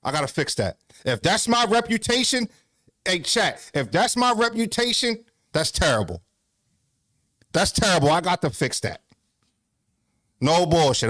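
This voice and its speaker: A man's voice: high voice, fairly bright tone, dry recording, studio quality. A man hosting a casual livestream, out of breath, talking in a loose, profane, rambling way with lots of restarts. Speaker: livestream host.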